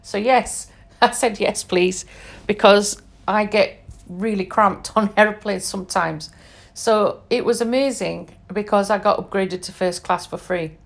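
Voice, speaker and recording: A woman's voice: mid-range voice, a little slow, creaky. A British woman in her forties hosting a podcast, telling personal stories in a chatty, emphatic way with frequent fillers and asides. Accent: British English. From England. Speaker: podcast host. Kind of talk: personal storytelling monologue.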